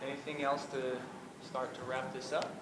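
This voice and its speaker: A man's voice: medium pitch, level tone, moderate pace. Guy hosting a con panel, kinda hesitant, lots of yeahs, roomy echo. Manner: hesitant, agreeable backchannelling. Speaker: panel moderator. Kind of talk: casual convention Q&A. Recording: echoey room with noise.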